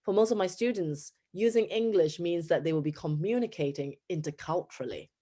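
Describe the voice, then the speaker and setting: Woman, Singaporean accent, thirties, English teacher, conference talk, animated storytelling. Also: a little fast. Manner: animated storytelling with pitch jumps.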